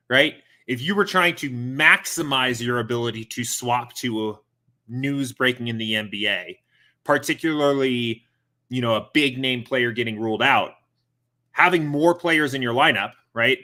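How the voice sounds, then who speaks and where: A man hosts a casual live-stream Q&A from home, his voice bright and mid-pitched. He sounds slightly out of breath and rambles, filling pauses with "uh" and "um" and correcting himself as he goes. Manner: rambling, filler-heavy, self-correcting. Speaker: host of a fantasy sports Q&A stream.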